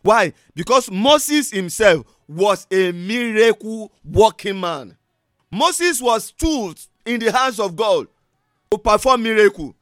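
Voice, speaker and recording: High-voiced fervent male preacher. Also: expressive, slow pace, dry recording, clean studio sound, faint music behind. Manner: fervent, repetitive prayer chants, shifts between shouting and hushed tones. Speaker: pastor. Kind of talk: sermon with call-and-response prayer.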